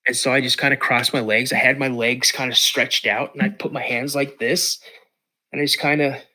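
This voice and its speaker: Very bright-voiced man telling a story. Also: mid-range voice, normal speed. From Washington state, USA. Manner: animated, acts out quotes, repeats words. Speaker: podcast guest.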